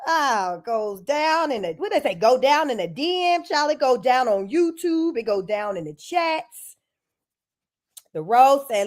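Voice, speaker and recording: A woman with a slightly high voice hosts a casual live commentary stream. She is animated and chatty and keeps talking straight to her viewers. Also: takes it slowly. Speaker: commentary vlogger.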